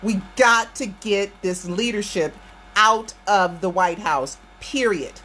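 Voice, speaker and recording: An American woman hosts her channel with an impassioned political rant, addressing viewers directly and repeating phrases emphatically to drive her points home. Her voice is medium in pitch, slow, pushed and bright.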